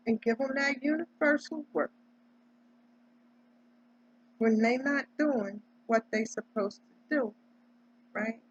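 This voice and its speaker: A husky woman from Delaware holds forth in a casual, preachy monologue, pressing each point and checking in with "right?" as she goes. Her voice sits in a middle range and comes through dull, lo-fi audio. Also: high voice. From Delaware, United States. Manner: emphatic, preachy, tags lines with "right?". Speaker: vlogger.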